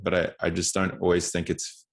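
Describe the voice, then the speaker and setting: Deep, gravelly man in his twenties; candid storyteller who stumbles and repeats words in relaxed chat. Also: normal speed. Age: 20s. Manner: candid, repeats words while telling stories. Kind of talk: casual conversational storytelling.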